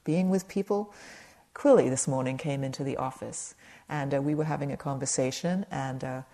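A woman teaching meditation speaks in a low, mellow voice. Her dharma talk at the retreat is gentle and conversational, and she addresses the audience with easy, light humor. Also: moderate pace.

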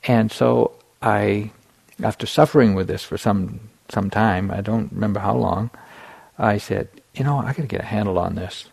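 A middle-aged man giving a meditation dharma talk, telling a personal story in a relaxed way with many fillers and restarts. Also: lowish voice, moderate pace, gravelly, slightly rough. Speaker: meditation teacher.

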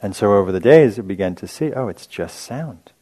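A man's voice: fairly low pitch, lively intonation, a little fast, warm tone. A man teaching meditation in a casual, chatty dharma talk, telling stories with rambling asides and laughing at his own anecdotes.

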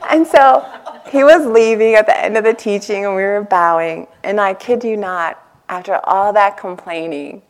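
Woman teacher giving a dharma talk, middle voice, chatty storytelling, lots of like and you know. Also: normal speed. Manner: animated storytelling, acts out her own past thoughts with rising pitch and laughter; casual and chatty with many "like" and "you know" fillers. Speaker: meditation teacher. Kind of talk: dharma talk to a retreat audience. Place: meditation hall before a live audience.

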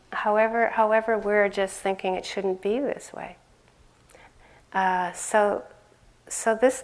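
An older woman giving a conversational dharma talk as a meditation teacher, laughing often and growing animated as she tells stories. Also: mid-range voice.

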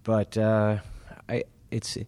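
Male participant, deep voice, halting and hesitant, dry recording. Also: completely flat delivery, mellow, smooth, dry recording. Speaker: class participant.

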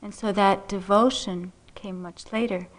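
A middle-aged woman meditation teacher telling a personal story in a dharma talk, unhurried and gentle, laughing softly often. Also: medium pitch, steady tone. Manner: unhurried, gentle, frequent soft laughs and "you know".

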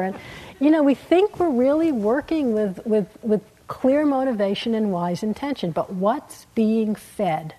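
A woman meditation teacher giving a dharma talk in a gentle, unhurried way, laughing softly and letting her endings fall quiet. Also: on the high side, expressive, low-quality recording. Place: meditation hall.

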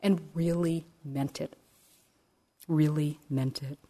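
A woman meditation teacher gives a dharma talk in a gentle, reflective way, with stories woven in. Her voice is low and mellow. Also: fairly even intonation, slow.

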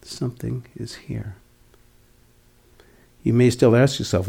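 Gravelly, mellow older man teaching meditation. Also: mid-range voice, slow pace, long pauses. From Boston area, USA. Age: 60s. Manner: gentle and reflective, voice dropping to near whispers. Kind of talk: dharma talk.

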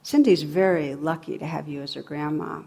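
A woman's voice: sits low, steady tone, moderate pace, creaky, dark tone, husky, voice pushed down, heavily acted. A woman doing an earnest, admiring man. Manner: earnest, complimentary. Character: admiring male shopper, polite stranger.

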